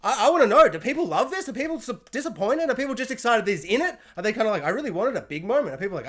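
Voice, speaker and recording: An excitable man rants to his camera alone in his room, reviewing spoilers with big emphasis. His delivery jumps from loud outbursts down to low, half-muttered asides. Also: racing, few pauses. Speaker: pop culture reviewer and podcast host. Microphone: camera mic.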